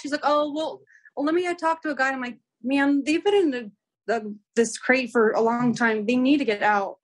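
This podcast guest is a young woman whose voice sits high and whose pace is moderate. Telling a story casually, she animatedly acts out what people said, with frequent "like" fillers.

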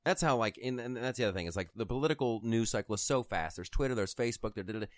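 A man co-hosting a casual political talk show. He talks in a mid-range voice and is animated, slipping into quick mock impressions. The sound is close and dry, with no room to it. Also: medium pitch, dry recording. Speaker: podcast co-host.

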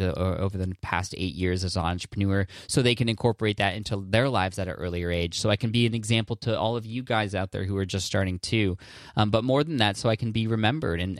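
Earnest low-voiced man hosting a podcast. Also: no room sound, clean studio sound. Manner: earnest, rambling, frequent restarts and fillers. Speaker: podcast host answering listener questions. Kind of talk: casual solo podcast talk.

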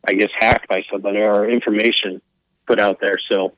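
A man's voice: on the low side, flat delivery, fast, a bit bright, no echo, rough recording. Hesitant guy talking on a radio morning show, lots of ums, dry sound. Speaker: guest caller. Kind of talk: phone-in interview.

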